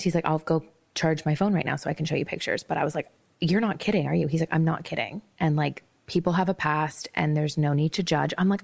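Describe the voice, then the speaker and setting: A young woman hosting a podcast, telling a personal story candidly, blunt and expressive, swearing freely and acting out both sides of the dialogue. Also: sits low, a little fast, vocal fry. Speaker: podcast host.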